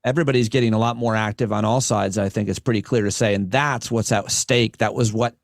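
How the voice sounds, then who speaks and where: A man, a comic and podcast host, talking as a guest on a casual podcast and building long, earnest arguments in quick bursts. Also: on the low side, steady tone, dry recording, studio quality.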